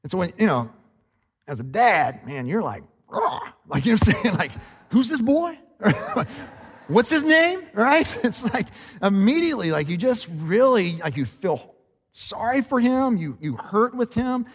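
A man's voice: high voice, big pitch swings, normal speed, husky. Pastor man preaching in a reverberant hall. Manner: conversational, self-deprecating, laughs often. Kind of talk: sermon. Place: church sanctuary.

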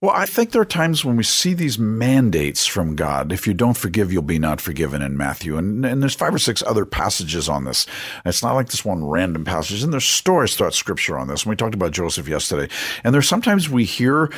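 An older man, a guest on a Christian radio show, telling stories and teaching in an animated, conversational way. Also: sits low, a little fast, slightly rough, dry recording, clean studio sound. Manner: animated storyteller who jumps into acted voices.

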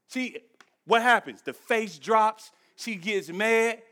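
A man pastor preaching a sermon to his church, emphatic and humorous, swinging from quiet reflection to loud exhortation while speaking straight to the congregation. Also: very high-pitched, big pitch swings, slow pace, long pauses, a faint crowd. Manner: addresses the congregation directly, storytelling with humor. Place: church service.

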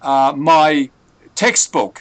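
This English tutor, whose voice sits slightly high, patiently walks through phrasal verbs in a conversational lesson. He often pauses on fillers and starts sentences over, and the close, dry recording carries no room sound.

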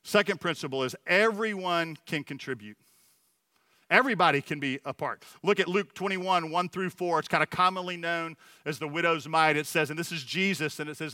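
A man's voice: fairly high pitch, a little fast, sharp tone, no room sound. A middle-aged man preaching a sermon at a Sunday service, earnest and personal, telling stories with frequent restarts. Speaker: church leader speaking at a Sunday service.

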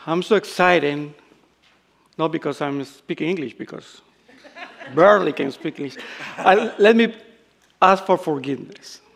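An older Salvadoran man preaches in slow, halting English with a strong Spanish accent. His voice is deeply gravelly and a touch high for a man, and he keeps slipping into self-deprecating humor and laughter. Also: a bit bright. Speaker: guest preacher. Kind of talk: sermon.

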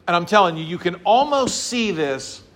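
A man preaching a sermon to his congregation, acting out little scenes and voices as he explains a psalm. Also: moderate pace. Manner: animated, acts out scenes and voices with big pitch swings. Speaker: pastor.

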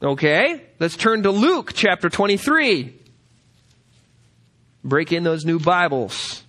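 A man teaching a Bible study lecture, directing listeners to passages and reading scripture aloud slowly with emphasis. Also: high-pitched, big pitch swings, fairly bright tone.

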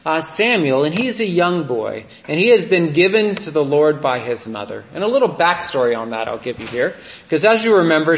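A priest giving a relaxed, conversational sermon, telling stories and often checking in with his listeners by asking "right?". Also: a little high, reverberant. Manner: storytelling, often asks "right?".

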